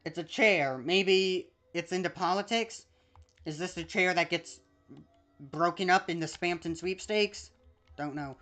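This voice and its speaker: A woman's voice: lowish voice, a little slow, a bit bright, faint music behind. A woman streaming a video game, reading the on-screen text aloud in a casual, chatty way with small asides.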